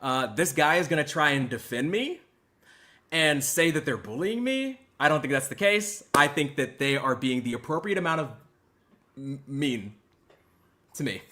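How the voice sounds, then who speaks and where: A man hosting his own channel, reacting to clips with sarcastic, stammering fake apologies that swing between loud and hushed. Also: fairly high pitch, animated, normal speed.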